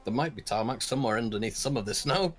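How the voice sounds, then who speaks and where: A man joins friends on a racing-game stream, trading dry, playful quips about crashes and the track. His voice is mid-pitched and ordinary for a man, and he keeps an easy conversational tone. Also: expressive, fast talker. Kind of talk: casual gaming chat.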